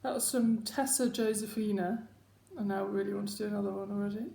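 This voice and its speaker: A woman's voice: medium pitch, fairly even intonation, a little fast, vocal fry, dark tone. A woman hosting her own casual video chat, rambling and self-mocking as she talks at home. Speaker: host. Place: home room. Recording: echoey home room.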